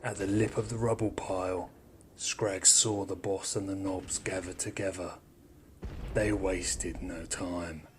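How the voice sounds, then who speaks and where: A man narrating an audio drama in measured storytelling, with some hushed, whispery passages. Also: deep voice, steady tone, a little hiss or hum.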